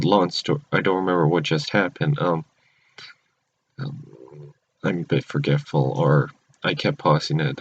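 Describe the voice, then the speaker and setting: A man's voice: rumbling low, breathy edge. A man casually recapping a cartoon episode at home, rambling with many restarts and self-corrections. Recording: dull lo-fi recording.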